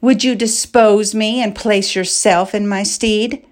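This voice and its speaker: A woman's voice: medium pitch, steady tone, measured pace, pitched above the performer's own voice, natural voice. A woman reading a novel aloud, voicing an indignant male king who declaims accusations to a crowd. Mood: commanding.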